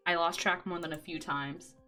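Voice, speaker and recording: Streamer lady reading game narration aloud, calm lowered voice, soft music under. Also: normal speed.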